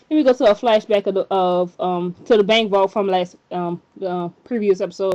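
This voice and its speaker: A woman with a medium-pitched, somewhat dark voice casually recaps a TV episode as a reviewer, chatting along and breaking into indignant rants. The recording is lo-fi and slightly dull.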